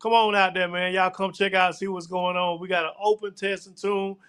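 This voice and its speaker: A man's voice: sits high, level tone, fairly bright tone, smooth. A man hosting a live show, chatting loosely and tossing in "man" and "look here" all the time. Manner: casual, drawn-out, repeats "man" and "look here". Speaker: host.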